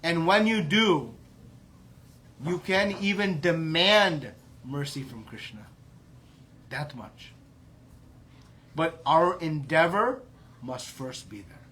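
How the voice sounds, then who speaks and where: A man's voice: on the high side, takes it slowly, long pauses, sharp tone. A man giving a devotional class, telling a story with emphatic rhetorical questions. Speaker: preacher.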